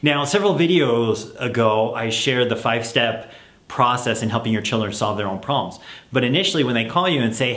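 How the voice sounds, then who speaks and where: A man coaching parents on letting children solve their own problems, relaxed and laughing often as he acts out parent and child talking. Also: mid-range voice, brisk, roomy sound. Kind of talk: advice talk to camera.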